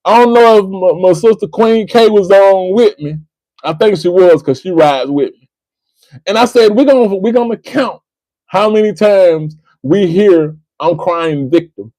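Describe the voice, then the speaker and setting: A man's voice: high-pitched, lively intonation, a little slow, dark tone, dry recording, low-quality recording. A man from the United States hosting a livestream, giving impassioned commentary, repeating phrases for emphasis and speaking to a listener by name. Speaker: livestream host.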